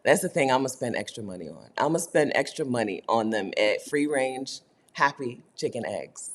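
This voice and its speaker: A woman's voice: rumbling low, animated, moderate pace. A woman hosting a casual livestream, chatting with viewers, reading their comments aloud and laughing often. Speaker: host of a livestream for her community.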